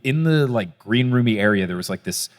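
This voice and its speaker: A man's voice: mid-range voice, expressive, brisk. A young man hosting a live podcast show on stage, telling stories in a chatty, joking way. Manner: chatty, storytelling. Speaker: podcast host. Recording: long hall reverb from a live venue.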